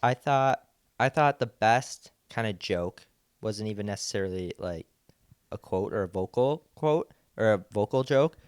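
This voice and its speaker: A man's voice: on the low side, unhurried, clear, resonant tone, no room sound. A man co-hosting a podcast, chatting casually in an easygoing, rambling way with lots of "like"s. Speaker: podcast co-host. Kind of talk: casual chat.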